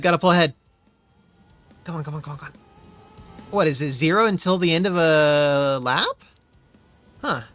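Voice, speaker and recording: A man streaming a racing game, commenting as he plays with constant profanity, exasperated ranting and sudden yelled outbursts. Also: on the high side. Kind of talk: live gameplay commentary.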